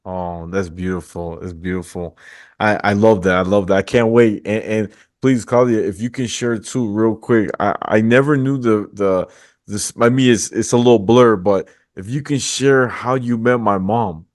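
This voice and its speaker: Low-voiced man hosting a podcast. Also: moderate pace. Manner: warm, encouraging, playful. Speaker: podcast host. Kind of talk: casual interview chat.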